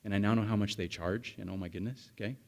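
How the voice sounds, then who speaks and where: A man's voice: on the low side, fairly even intonation, fast talker, lo-fi sound. A man in his thirties, a pastor, giving a conversational sermon and telling a story while chatting with the congregation.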